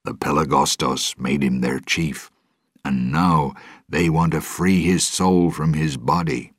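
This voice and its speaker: A man voicing a grim older sailor who speaks quietly and seriously. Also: a bass voice, fairly even intonation, slow, husky, no room sound, clean studio sound, exaggerated voice. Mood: grave. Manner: quiet, grave.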